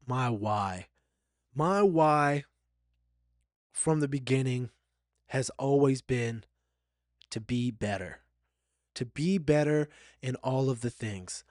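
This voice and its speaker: A man's voice: mid-range voice, no echo, clean studio sound. A man hosting a solo podcast, talking in a candid and reflective way, sometimes getting emotional and repeating himself. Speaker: podcast host.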